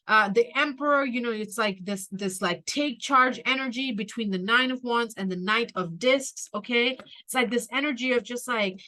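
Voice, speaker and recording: A woman doing a pick-a-card tarot reading, talking straight to her viewers. Her voice is fairly high and strikingly bright. She is emphatic and casual, peppering her talk with "like," "okay?" and the odd swear word. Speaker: tarot reader.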